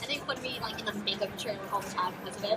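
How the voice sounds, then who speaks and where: A woman's voice: medium pitch, very fast. Bubbly teen girl, heard from far off. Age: teens. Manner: bubbly, giggly, many fillers. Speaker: guest actress. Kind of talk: live stage Q&A. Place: auto show stage with a crowd. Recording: distant mic with loud music behind. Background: music.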